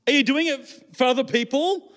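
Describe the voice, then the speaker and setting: Man, pastor, sermon, high-pitched voice, conversational, asks the congregation questions. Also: brisk, fairly bright tone. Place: church.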